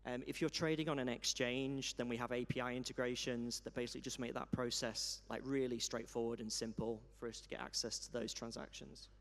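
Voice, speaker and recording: A man on a conference panel, explaining his company's software in a plain, matter-of-fact way. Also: mid-range voice, fairly even intonation, brisk, gravelly, hardly any pauses. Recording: reverberant conference hall.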